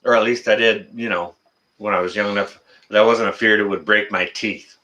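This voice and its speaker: A man's voice: fairly low pitch, fairly even intonation, fairly quick, sharp tone. A middle-aged man, hosting a casual live stream, reading the chat and answering viewers by name in a folksy, teasing way.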